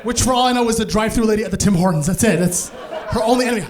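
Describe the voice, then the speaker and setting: High-voiced, animated male stand-up comic. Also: fast, crowd noise. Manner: animated, acts out voices, bursts into shouts. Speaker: stand-up comedian. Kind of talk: live stand-up storytelling. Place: comedy stage before a live audience.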